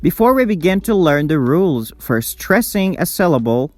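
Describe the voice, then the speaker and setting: A man's voice: on the high side, very animated, normal speed, dry recording, faint music behind. A man with a Persian accent teaching English pronunciation, repeating words and stressing syllables carefully. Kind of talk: slow, deliberate online lesson.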